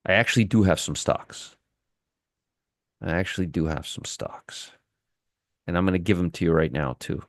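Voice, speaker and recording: Sarcastic lowish-voiced man hosting a trading stream. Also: normal speed, pauses often, no room sound, studio quality. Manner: sarcastic, talks to viewers and chat; restarts and trails off while working his screens. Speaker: trading room host. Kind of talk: live market commentary.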